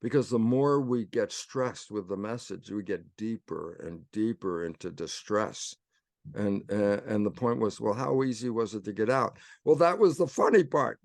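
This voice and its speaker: Animated older male storyteller, dry sound. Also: lowish voice, moderate pace, no echo. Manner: animated storyteller, acts out inner voices. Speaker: guest. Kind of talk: storytelling interview talk.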